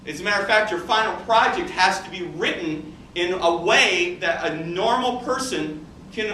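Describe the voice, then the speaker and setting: A middle-aged man teaching statistics, telling a story in an animated, conversational way. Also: high-pitched, slight background noise. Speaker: statistics instructor. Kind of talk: classroom lecture with storytelling. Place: classroom. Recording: echoey classroom, distant mic, faint ambience.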